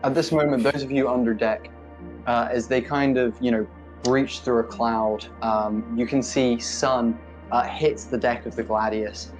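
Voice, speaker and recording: A man's voice: medium pitch, steady tone, a little slow, soft background music, low-quality recording. A man narrating as game master of a tabletop game, with loose, rambling description. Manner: rambling, many fillers and restarts.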